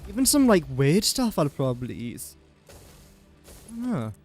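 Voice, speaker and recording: A man's voice: a little high, sing-song, measured pace, a little mellow, faint music behind. A young man from England chatting casually on a gaming livestream, rambling and self-mocking as he builds. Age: young adult. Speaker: streamer.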